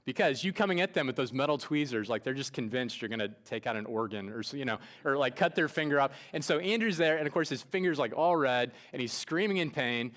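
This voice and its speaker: A man's voice: mid-range voice, expressive, fast, few pauses, fairly bright tone. A pastor in his thirties preaching a sermon in a church, talking loosely and conversationally with frequent restarts and filler words. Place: church sanctuary.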